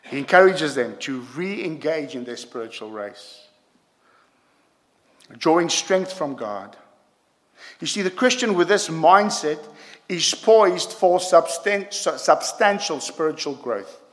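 A man delivers a sermon with emphatic, repeated prompts to his listeners. His voice sits a little high for a man. A long hall reverb trails behind each phrase, as in a church. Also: expressive, slow pace, fairly bright tone. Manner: emphatic, repeats "yeah?" to the congregation. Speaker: preacher.

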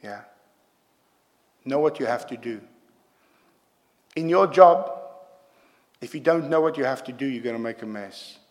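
A man's voice: medium pitch, lively intonation, measured pace, long pauses. A man preaching a sermon to a congregation, emphatic and punctuating his points with "yeah?". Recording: long hall reverb.

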